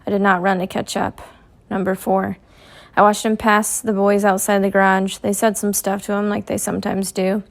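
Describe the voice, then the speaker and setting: A woman reading a first-person novel aloud in a measured, clear storytelling manner. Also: medium pitch, level tone. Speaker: audiobook reader.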